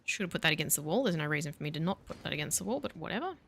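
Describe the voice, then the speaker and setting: A woman's voice: low voice, very animated, very fast, fairly bright tone, a little hiss or hum. A woman in her thirties chatting casually and with self-mocking sarcasm while streaming a game. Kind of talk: casual live-stream chat while gaming.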